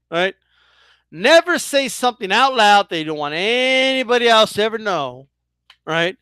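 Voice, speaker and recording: A man with a high voice, ranting in a casual vlog, rises and falls all over. He swears freely, trips over his words and keeps checking "right?" with his viewers. The sound is bright and dry. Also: clean tone, no room sound. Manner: animated, stumbling restarts. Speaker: boxing commentator. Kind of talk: casual opinion rant.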